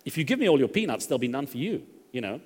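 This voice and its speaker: A man's voice: medium pitch, sing-song, rapid-fire, breathy edge. A man telling the part of a blunt bus driver. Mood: polite. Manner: blunt, mocking. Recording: long reverb of a stage hall.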